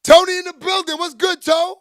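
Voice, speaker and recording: A man hosting a casual livestream, loud and joking as he greets viewers by name and reads their comments. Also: extremely high pitch, flat delivery, brisk. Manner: loud, joking, shouts out chat names. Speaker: livestream host reading chat. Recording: music playing behind.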